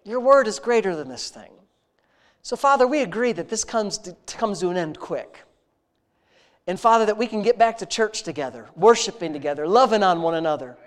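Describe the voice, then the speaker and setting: A man's voice: sits high, expressive, fairly quick. A man leading a congregation in spontaneous, heartfelt prayer, talking in an intimate, conversational way and repeating phrases of praise. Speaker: prayer leader.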